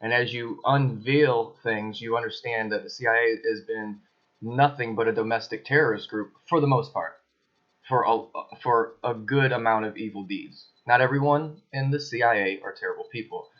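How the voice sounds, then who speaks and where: Man, home vlog rant, emphatic, accusatory, mid-pitched voice, muffled lo-fi sound. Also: moderate pace. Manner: emphatic, accusatory, with suspicious asides. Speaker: video blogger. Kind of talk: casual ranting monologue to camera. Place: his apartment.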